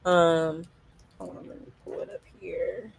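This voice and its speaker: A woman hosting celebrity gossip, casually reacting to clips and comments in a sassy drawl with loud laughs. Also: lowish voice, steady tone, measured pace, creaky, slight background noise.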